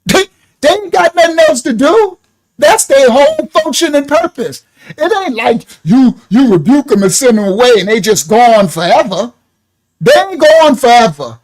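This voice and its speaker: A man preaching casually, telling a story in slangy street talk, laughing often and swinging his voice up and down. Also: very high voice.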